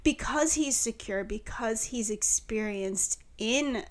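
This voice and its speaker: A woman co-hosting a podcast, talking candidly and earnestly in casual chat, slowing down on heavy points. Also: fairly high pitch. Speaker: podcast co-host.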